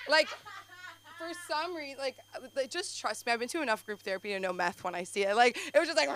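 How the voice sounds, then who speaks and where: Bright, rambling woman comic on a club stage. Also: high voice, lively intonation, a little fast, slight background noise. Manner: rambling, breathless storytelling full of "like" fillers. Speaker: stand-up comic. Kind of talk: open-mic stand-up comedy. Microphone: handheld stage microphone.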